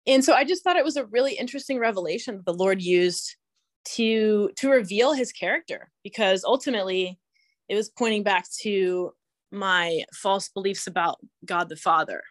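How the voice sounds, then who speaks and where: A woman's voice: mid-range voice, no room sound. A young woman co-hosting a casual faith podcast, talking reflectively with frequent halts and restarts. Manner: reflective, halting, many restarts. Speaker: podcast co-host.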